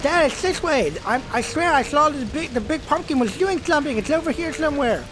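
Male game master voicing an excited young boy, high and eager. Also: brisk, background noise.

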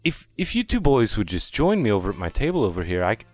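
A man plays a tall male elf who sells information, speaking with a put-on Irish accent. He talks in oily, persuasive salesman patter with a lively, swooping pitch. Faint music plays underneath. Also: fast. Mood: scheming.

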